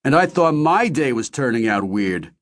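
A man voicing a brash young male pilot with a Philadelphia accent, loud and crude in an audiobook. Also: mid-range voice, very animated, normal speed, voice pushed up, lightly acted. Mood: wry.

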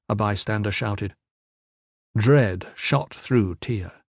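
A man narrating an audiobook in a steady, measured storytelling manner. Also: medium pitch, no echo. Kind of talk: scripted narration.

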